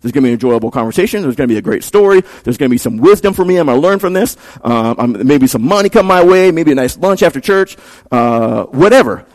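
A male pastor delivering a sermon in a relaxed, conversational tone, his fairly high voice climbing into emphatic peaks when he drives a point home. He talks to the congregation like he's chatting with them, then presses hard on the key lines.

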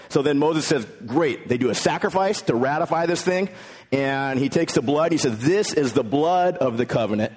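A pastor preaching a sermon in a relaxed, conversational way, reading scripture and retelling it in everyday words. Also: male voice, a little high, moderate pace, husky.

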